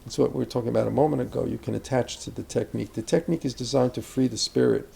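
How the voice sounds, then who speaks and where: Gravelly older man talking craft. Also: mid-range voice, fairly even intonation, racing, dark tone. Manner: reflective, rambling with asides and restarts. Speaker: acting teacher. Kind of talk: conversational interview about acting.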